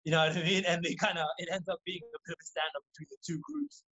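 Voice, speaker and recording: A man on a podcast tells a story at a rapid clip. His voice sits a little high, and his delivery is animated and profane. He acts out the lines people said along the way. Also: slightly rough, lo-fi sound. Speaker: podcast guest. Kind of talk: casual storytelling.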